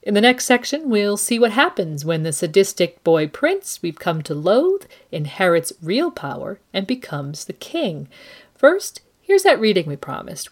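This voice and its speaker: A woman hosting a book podcast who analyzes the story and reads passages aloud in an expressive, measured way. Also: lowish voice. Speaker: podcast host. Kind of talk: book analysis and dramatic reading. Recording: long reverb, loud music behind.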